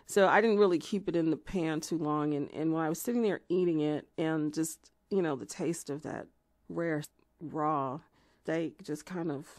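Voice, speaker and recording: A woman acting an unhinged, brash woman in an amateur audio drama, rambling on with lots of fillers and turning shrill when she's outraged. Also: moderate pace, a little mellow, dry recording, clean studio sound, close to an everyday voice. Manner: chatty, filler-heavy, swings to shrill indignation.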